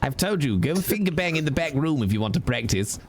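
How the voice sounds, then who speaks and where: A man's voice: a little high, animated, a little fast. A man streaming, chatting casually to his viewers, rambling and laughing often.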